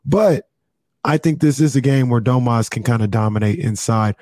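A man's voice: mid-range voice, moderate pace, darkish tone, dry recording, clean studio sound. A man co-hosting a sports talk show, easygoing and analytical, who laughs often. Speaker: sports radio co-host.

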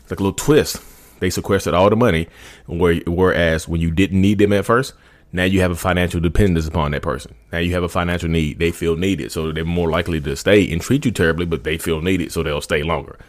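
A man's voice: deep voice, steady tone, quick pace. A man talking straight to his viewers in a casual, informal way, often restarting and repeating his phrases. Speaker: vlogger speaking about narcissism. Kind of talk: casual direct-to-camera talk.

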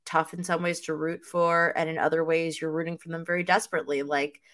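A woman chatting on a podcast, enthusiastic and halting, with many fillers and restarts. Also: deep voice, little pitch movement, fairly bright tone. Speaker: podcast co-host. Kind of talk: casual chat.

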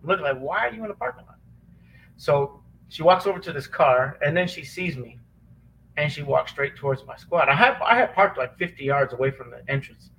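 Earnest man, halting and emotional. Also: a little high, expressive, fairly bright tone, slight background noise, poor audio. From Chicago area. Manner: halting, earnest, many restarts and fillers. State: near tears, choked up. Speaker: podcast guest, former police officer. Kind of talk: emotional personal testimony.

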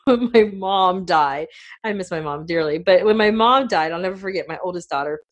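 A woman's voice: on the low side, a little fast. Chatty middle-aged woman telling stories. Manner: rambling, animated storytelling with many fillers. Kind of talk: casual chat.

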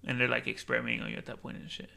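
A man co-hosting a casual podcast chat, rambling through made-up scenarios, saying "dude" constantly and dropping into hushed voices. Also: mid-range voice, completely flat delivery, racing, creaky. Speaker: podcast co-host.

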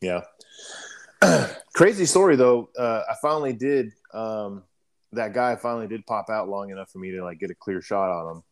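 A young adult man casually telling a war story, profane and rambling, often clearing his throat. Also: on the low side, lively intonation, normal speed.

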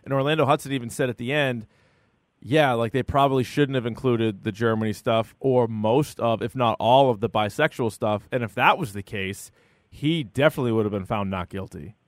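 In a mid-range voice and at a fairly quick pace, a podcast co-host talks casually about a true-crime series. He drops "like" constantly and acts out what others said, and there's no echo on the recording.

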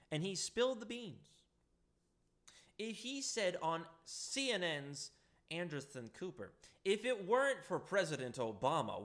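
Guy ranting about politics, pitch swings all over, kinda high voice, sarcastic and tripping on words. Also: fairly bright tone. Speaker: political commentator.

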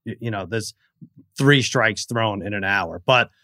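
A middle-aged man co-hosting a casual podcast chat, telling stories with animated energy. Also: lowish voice, measured pace, no echo, studio quality. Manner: animated storyteller who acts out his own yelling. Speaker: co-host.

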